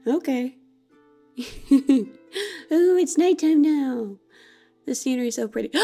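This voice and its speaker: A woman's voice: high voice, very slow, gravelly, long pauses, warm tone, soft background music. A woman streamer chatting casually over a cozy game, gushing with frequent gasps of delight.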